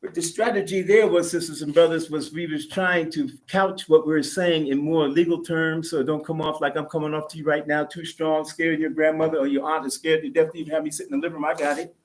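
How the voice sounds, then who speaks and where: An older man delivers a fiery, preacher-style speech to a conference crowd. His voice sits high for a man, and the room around him rings with echo. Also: level tone, fast, few pauses, distant mic. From United States. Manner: fiery, preacherly, addresses crowd as sisters and brothers. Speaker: conference speaker, activist.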